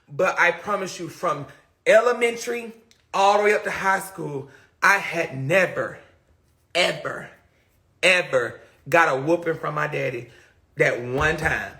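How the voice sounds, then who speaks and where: A man telling a story casually on a live stream, animated and laughing often as he talks to viewers. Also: high-pitched, vocal fry.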